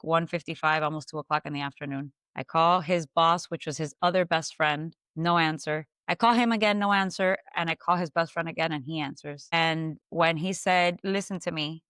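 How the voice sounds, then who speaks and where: A woman in her thirties recounts a painful memory as a podcast guest. Her voice sits low and smooth, and the recording is dry and close. She tells it steadily and matter-of-factly, leaning on "like" and "I go". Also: no room sound. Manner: steady, matter-of-fact retelling with frequent "like" and "I go". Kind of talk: emotional personal storytelling.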